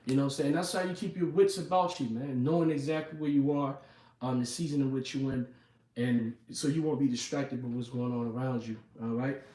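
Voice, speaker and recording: A man's voice: mid-range voice, steady tone, a little fast, warm tone. A man giving an informal sermon, reading scripture and talking it through conversationally with frequent asides to his listeners. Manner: conversational, repeats "you know what I'm saying" and "man". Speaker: preacher. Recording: echoey room, mic at a distance.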